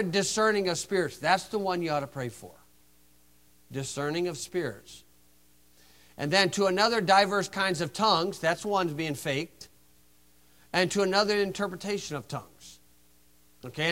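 A man preaching an informal sermon, telling anecdotes in a sarcastic, animated way. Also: high voice, brisk.

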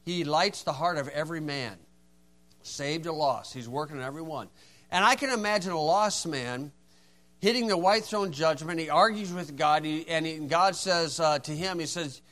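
High-voiced preacher acting out voices. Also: male voice, moderate pace. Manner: folksy storytelling, acts out dialogue, swings from hushed to shouting. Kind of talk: sermon.

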